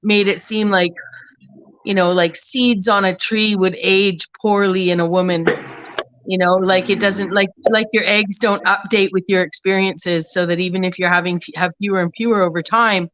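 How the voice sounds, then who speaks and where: A woman speaks as a panel guest in a casual livestream discussion. Her voice sits at a middle pitch, and she rambles and gropes for words while she thinks. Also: steady tone, normal speed, fairly bright tone, low-quality recording. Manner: rambling, searching for words mid-thought.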